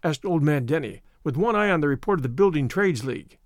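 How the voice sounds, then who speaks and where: A man reading a classic short story aloud with a wry, expressive storytelling manner. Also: on the high side, quick pace, no echo, clean studio sound. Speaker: audiobook narrator. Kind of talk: scripted narration.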